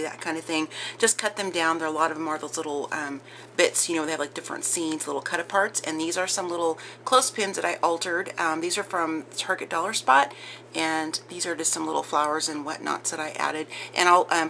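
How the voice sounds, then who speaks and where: A woman with a low-pitched but bright, forceful voice hosts a casual crafting vlog from home. She rambles chattily, full of fillers. Faint household noise sits behind her. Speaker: crafting channel host. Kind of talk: casual show-and-tell vlog.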